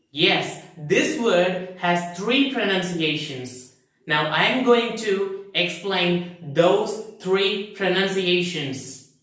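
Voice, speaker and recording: Slow, deliberate male English teacher. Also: high-pitched, fairly bright tone. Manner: asks rhetorical questions and answers them himself; careful, deliberate explaining. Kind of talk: online pronunciation lesson. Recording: very echoey room, mic far off.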